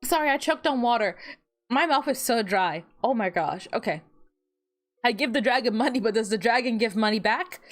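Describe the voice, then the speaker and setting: A young woman chats casually on a livestream, giggling at her own jokes and repeating herself as she adjusts her setup. Her voice sits a little high and swings up and down a lot. Soft music plays faintly behind her. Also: expressive, normal speed. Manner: rambling, repeats words while fiddling with her setup. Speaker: VTuber streamer.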